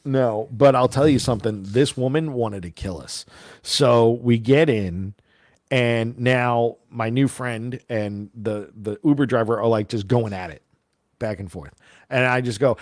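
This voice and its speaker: A man tells a long story on a casual podcast. He is animated and acts out each person's lines as he goes. The sound is dry and close, with no room around it. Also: medium pitch, measured pace, dry recording. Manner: animated, acts out quoted voices. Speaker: podcast co-host.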